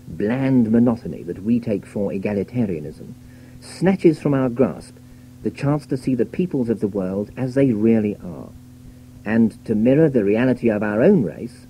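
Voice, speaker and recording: A British man reading a scripted radio talk in a measured, wry, lecturing way, on an old broadcast recording. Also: mid-range voice, mellow, a little hiss or hum, rough recording. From Britain. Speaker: radio essayist. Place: radio studio.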